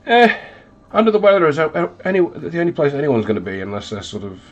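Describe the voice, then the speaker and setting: Now his voice is on the high side and fast, with dull audio and a slight hiss or hum. The recovering, stuffed-up host keeps his casual painting stream going, rambling with ums and self-deprecating comments in a hot home hobby room, windows closed.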